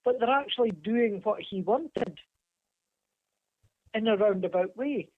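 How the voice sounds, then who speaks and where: A man's voice: high voice, measured pace, slight background noise. A man, a guest on a radio show, arguing earnestly in a heated debate. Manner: earnest, argumentative. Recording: dull lo-fi sound.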